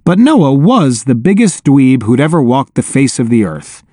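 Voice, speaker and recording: A man narrating a children's novel in the first person, wry and lively. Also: mid-range voice, moderate pace, dry recording, studio quality. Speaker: audiobook narrator.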